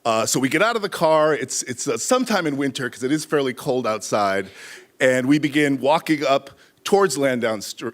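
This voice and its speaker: A middle-aged man telling a live story on stage, animated, acting out shouted quotes. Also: medium pitch.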